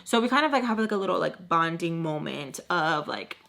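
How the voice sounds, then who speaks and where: A woman's voice: on the low side, lively intonation, fairly quick, gravelly, fairly bright tone. Chatty young woman telling a story. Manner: chatty, filler-heavy, acts out quoted dialogue. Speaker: storytime vlogger. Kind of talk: casual storytelling.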